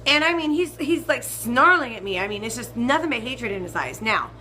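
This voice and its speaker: A young woman telling a ranting storytime vlog, swearing freely and swinging between loud outbursts and muttered asides. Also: fairly high pitch, expressive, fairly quick, a little hiss or hum, low-quality recording. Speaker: vlogger.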